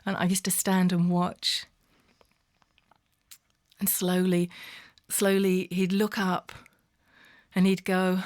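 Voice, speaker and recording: A woman's voice: mid-range voice, fairly even intonation, unhurried, pauses often. A middle-aged woman telling a personal memoir in an intimate spoken-word style, often dropping to a whisper.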